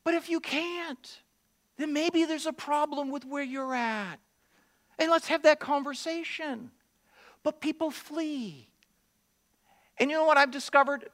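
A man preaching a sermon as a pastor, animated and acting out quoted voices, swinging from loud high exclamations to low quiet lines.

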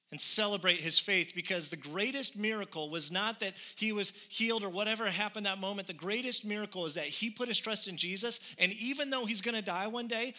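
A man's voice: high-pitched, sharp tone. A man in his thirties preaching a sermon, telling a personal story earnestly and building to conviction. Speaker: pastor.

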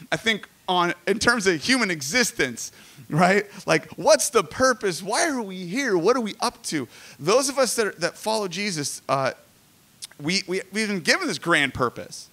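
A man in his forties preaching a sermon in a conversational, animated way with jokey asides. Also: high-pitched, moderate pace. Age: 40s. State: emotional. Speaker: pastor.

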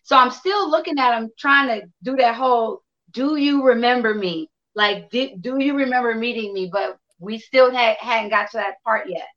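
Woman guest, casual and profane storyteller, slightly high voice, muffled lo-fi sound. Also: moderate pace, hardly any pauses. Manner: animated, profane anecdote telling with quoted dialogue. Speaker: interview guest.

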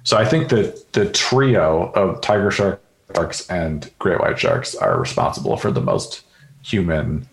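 A man with a lowish voice chats easygoingly on his podcast, dropping fillers and jokes as he goes. The sound has a noticeable room echo around it. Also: very animated, a little slow, vocal fry. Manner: easygoing, jokey, many fillers. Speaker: podcast co-host. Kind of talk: casual podcast chat. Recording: roomy echo.

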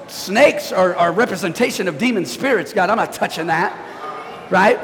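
A man in his thirties, a pastor preaching a sermon in a church, chatty and animated, talking to the congregation. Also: high voice, brisk, gravelly. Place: church sanctuary. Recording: reverberant church hall.

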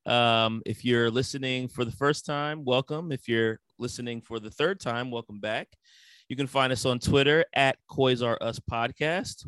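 A man's voice: mid-range voice, a bit bright, smooth, no room sound. A man co-hosting a podcast in easygoing casual chat. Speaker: podcast co-host.

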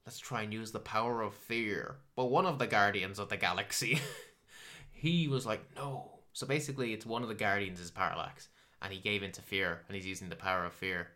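A man's voice: on the low side, fairly even intonation, a little fast, pushed and bright. A man co-hosting a podcast, reviewing a film in casual chat, swearing freely as he rants. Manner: swears a lot, ranting and exasperated. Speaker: podcast co-host.

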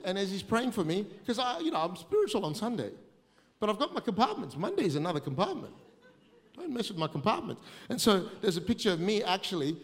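A man with an Australian accent preaching a sermon, telling stories with lively, self-mocking humor. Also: high voice, in a large hall.

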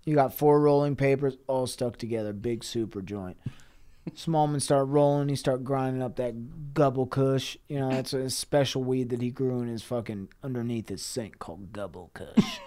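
A man's voice: mid-range voice, dark tone. A man co-hosting a podcast, telling an improvised comic story in a rambling, profane way with laughs between phrases. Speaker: podcast co-host.

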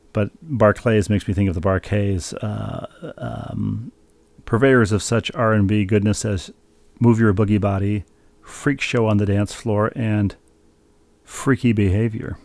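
A middle-aged man with a gravelly, low-set voice co-hosts a sports podcast. He reads listener letters in a wry, meandering way, full of small fillers. The sound is close and dry. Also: darkish tone, no room sound. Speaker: podcast co-host reading listener mail. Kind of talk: casual sports chat.

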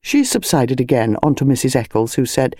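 A woman narrating an audiobook in a measured storytelling manner. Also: sits low, expressive, mellow, no echo, clean studio sound. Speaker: audiobook reader. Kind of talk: scripted narration.

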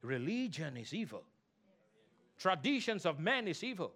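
A man preaching a sermon as pastor, animated, mimicking people and singing snatches of a hymn. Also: sits high, normal speed, breathy edge. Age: adult.

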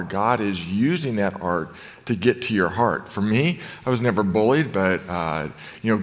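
A man delivers a sermon in an earnest, conversational way, pausing on fillers as he explains. His voice sits at a middling pitch and rings out with a long hall reverb, as in a church auditorium. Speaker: pastor.

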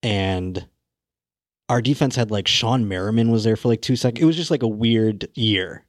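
A man's voice: lowish voice, normal speed, no room sound. Laid-back male podcast guest, dry sound. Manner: rambling, laid-back storytelling with swearing. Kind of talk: casual comedy podcast chat.

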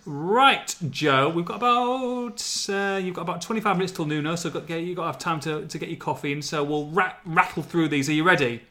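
A man's voice: on the high side, fairly quick, hardly any pauses, pushed and bright. A man hosting a casual football podcast, chatty and joking as he tells stories. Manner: chatty, joking, often laughing while telling stories. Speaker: podcast host.

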